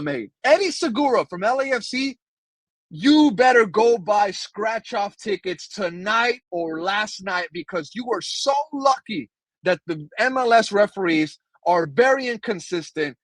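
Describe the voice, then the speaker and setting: A man's voice: high-pitched, fairly bright tone, no echo, poor audio. A man co-hosting a soccer podcast, emphatic and fired-up, often calling his co-host brother. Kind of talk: passionate soccer podcast commentary.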